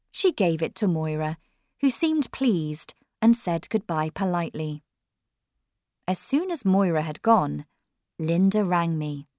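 A woman narrates a story in a measured, expressive voice. She reads slowly, and her pitch rises and falls freely. The recording is dry and close. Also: no echo. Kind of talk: audiobook reading.

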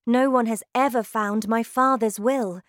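A woman reading aloud who voices a gentle, kind young woman teacher, speaking softly and calmly. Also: fairly high pitch, measured pace, no echo, studio quality, voice pushed up, lightly acted. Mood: sad. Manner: soft, calm.

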